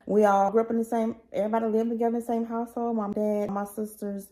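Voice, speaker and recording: A woman's voice: on the high side, level tone, fast, dark tone, rough recording. A woman vlogger recounting a painful personal story in a rambling, emotional way, full of fillers.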